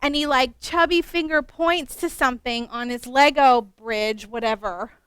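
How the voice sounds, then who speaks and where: Woman from West Virginia, teacher trainer, middle-aged, animated, self-mocking, smooth and crisp, bright. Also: high-pitched, unhurried, few pauses, no room sound. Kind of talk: storytelling in a teacher workshop.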